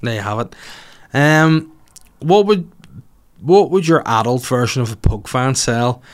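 A man's voice: medium pitch, lively intonation, a little slow. Crude rambling man. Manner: crude, rambling, swears freely. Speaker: comedian and podcast host. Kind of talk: casual podcast chat answering listener questions.

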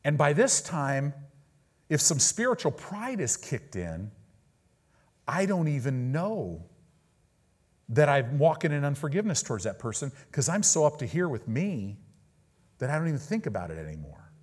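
A man's voice: on the high side, very animated, moderate pace, pauses often, husky. Man preaching with sudden emphatic bursts. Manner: conversational preaching with sudden emphatic peaks and quoted prayers. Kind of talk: sermon.

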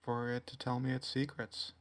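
A man's voice: mid-range voice, monotone, moderate pace. A man guest on a casual podcast, answering questions about his stories in a dry, matter-of-fact way. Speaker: interview guest, story writer.

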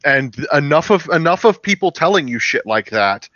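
A man earnestly lays out his reasoning in a casual chat over a film. His voice is bright and his pitch moves a lot. The recording is dry and slightly dull, like a lo-fi mic. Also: sing-song, moderate pace, dry recording. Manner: earnest, explains at length. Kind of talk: casual film commentary and argument.

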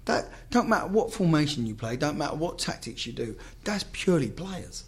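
A man's voice: on the high side, big pitch swings, brisk. A man, a former footballer, telling stories in casual chat, swearing freely and acting out the dialogue.

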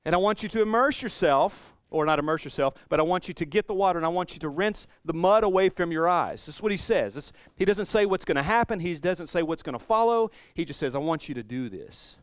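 A man preaching a sermon, retelling a scripture story with animated swings between quiet and loud passages. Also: sits high, fast talker, few pauses, dry recording. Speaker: pastor.

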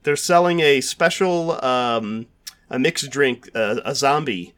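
A man's voice: medium pitch, slow, fairly bright tone, smooth. A man hosting a podcast, chatting casually with lots of fillers and restarts. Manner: rambling, filler-heavy, frequent restarts. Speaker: podcast host.

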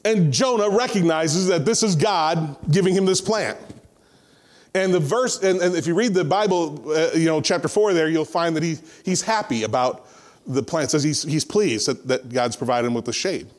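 A man preaching a sermon, retelling a scripture story in an animated, conversational way and acting out the voices. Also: on the high side, normal speed. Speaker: pastor.

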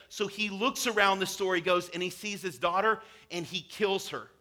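A man's voice: high voice, steady tone, normal speed, hardly any pauses, bright, forceful tone. A pastor preaching a sermon in a conversational, emphatic way, acting out the quotes he tells.

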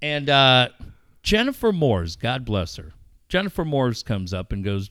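A man telling stories in casual chat, animated and profane, laughing often. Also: mid-range voice, moderate pace, no echo, studio quality. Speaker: radio engineer telling stories.

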